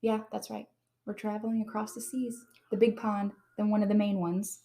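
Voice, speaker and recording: A woman hosting a casual podcast with friends at a table, excitable and rambling, giggling often. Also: mid-range voice, normal speed. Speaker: podcast host. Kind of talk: casual chat. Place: room shared with friends at a table. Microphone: table mic.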